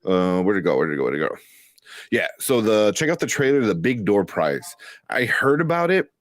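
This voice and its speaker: A man's voice: fairly low pitch, sing-song, moderate pace, no room sound, clean studio sound. A young man from Chicago with a Chicago accent, hosting a casual live-stream chat, chatty and laughing often. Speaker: show host.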